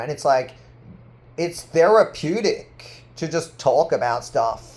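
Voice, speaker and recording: A man in a rambling personal monologue to camera, full of "like" fillers, swinging from loud boasting to low murmuring. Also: normal speed. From Australia. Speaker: artist vlogger.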